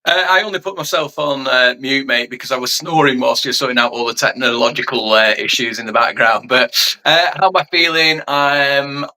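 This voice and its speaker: A man joins a fan show as a guest over a video call. He rambles casually, hedging with you know. His voice is very bright and forward. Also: mid-range voice, normal speed, low-quality recording. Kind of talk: casual chat.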